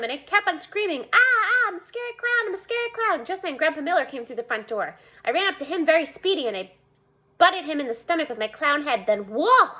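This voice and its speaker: A woman reading a children's storybook aloud in an animated way. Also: high voice. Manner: animated, voicing a young girl narrator. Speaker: reader.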